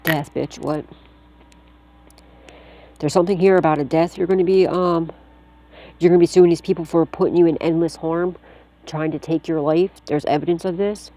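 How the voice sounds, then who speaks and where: A woman's voice: lowish voice, fairly even intonation, normal speed, pauses often, mellow. A woman giving a casual psychic tarot reading, talking straight to the listener in a blunt, slangy way and swearing freely while reassuring them. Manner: reassuring, addresses the listener directly.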